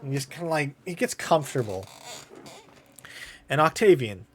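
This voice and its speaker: A man runs a tabletop game as game master, describing scenes casually with lots of loose fillers. His voice sits slightly high. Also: big pitch swings, normal speed.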